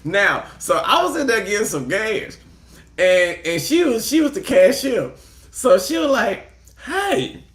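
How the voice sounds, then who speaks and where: A man, a tarot reader chatting casually and giving shout-outs before a reading, laid-back and quick to laugh. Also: sits high, very animated. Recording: roomy echo.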